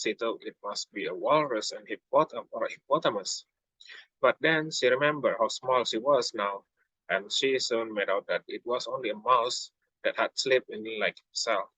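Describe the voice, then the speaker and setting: Bright-voiced young man reading aloud. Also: mid-range voice, breathy edge, no room sound, rough recording. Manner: halting, frequent slips and self-corrections. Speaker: student reader. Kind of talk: reading a children's book aloud.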